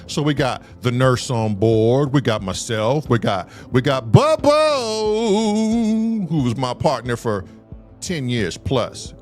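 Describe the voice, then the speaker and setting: On a live show, a man from Southern California tells a long story, animated and profane, acting out the dialogue. His voice is medium-pitched and unhurried, with soft music in the background.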